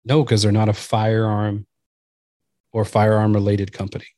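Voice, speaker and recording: Man telling an animated story. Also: lowish voice, moderate pace, no room sound, studio quality. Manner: animated anecdote-telling, acts out quoted voices. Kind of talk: casual chat, storytelling.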